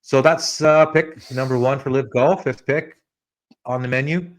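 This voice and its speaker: A man of middle pitch hosting a podcast in an easygoing, conversational way. He talks loosely and chattily, turning now and then to his co-host as he goes. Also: measured pace. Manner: relaxed and chatty, addresses co-host by name. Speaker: podcast host giving betting picks. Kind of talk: casual podcast chat.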